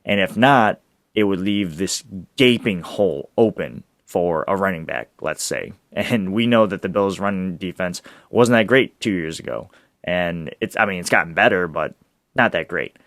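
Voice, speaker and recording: A man hosting a solo sports podcast, talking in an excitable, rambling way with restarts and laughs. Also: deep voice, moderate pace, no room sound, studio quality. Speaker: podcast host.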